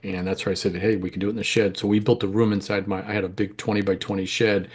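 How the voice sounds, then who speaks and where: Middle-aged male interview guest, low register, casual and frank, talks in loose run-on stories. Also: little pitch movement, quick pace, breathy edge. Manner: rambling, candid, self-correcting. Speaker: interview guest, home grower.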